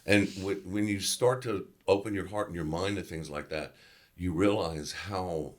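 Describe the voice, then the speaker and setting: A middle-aged man from Louisiana with a very low voice, a guest actor telling a story in an interview. He talks in an animated, loose way, full of casual fillers. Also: a little slow.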